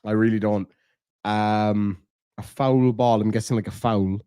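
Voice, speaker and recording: A man's voice: on the low side, fairly even intonation, measured pace, mellow, smooth, no echo, studio quality. A man with an Irish accent chatting casually on a live stream, rambling, cursing and reading chat aloud. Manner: rambling, swears a lot, reads chat aloud.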